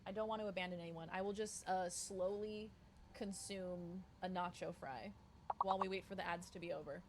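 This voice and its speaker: A woman's voice: on the low side, fairly even intonation, normal speed, noisy background. A woman streaming games, chatting playfully with her viewers and laughing often. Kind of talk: live-stream gaming chat.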